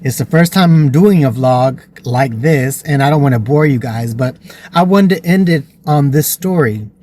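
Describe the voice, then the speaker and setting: A man's voice: medium pitch, normal speed, darkish tone, a little hiss or hum. A man vlogging, telling a personal story in an earnest, emotional way.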